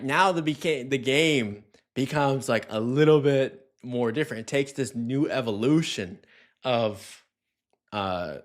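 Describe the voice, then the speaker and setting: A man giving a casual, conversational dog training lesson, often checking in with "right?" and acting out little scenes. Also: mid-range voice. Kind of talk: casual instructional talk.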